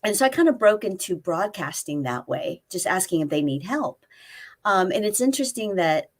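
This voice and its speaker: A woman in her fifties, a life coach and guest, chatting casually and telling stories, acting out quoted dialogue. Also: lowish voice. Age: 50s. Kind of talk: casual interview chat. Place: spare room at family home.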